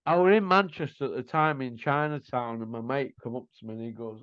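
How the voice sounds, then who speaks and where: A man rants in a blunt, scornful way, his voice sitting fairly high. The sound is dry and a little dull. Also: expressive, a little fast, bright, forceful tone, no room sound. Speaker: host. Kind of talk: casual ranting commentary.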